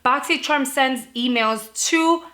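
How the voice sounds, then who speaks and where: Bright, chatty woman vlogger. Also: sits high. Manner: chatty, fast asides with frequent "like" and laughs. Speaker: beauty subscription box vlogger. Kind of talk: casual to-camera vlog.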